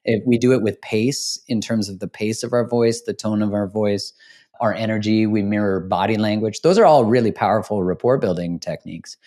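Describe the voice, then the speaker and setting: A man's voice: lowish voice, a little fast, mellow. A man hosting a podcast, talking in a reflective, explanatory way in casual conversation. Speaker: podcast host.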